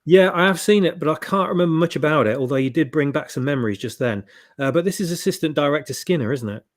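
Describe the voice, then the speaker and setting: A man's voice: on the high side, quick pace. Chatty man on a panel. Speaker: panel guest. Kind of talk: casual panel chat.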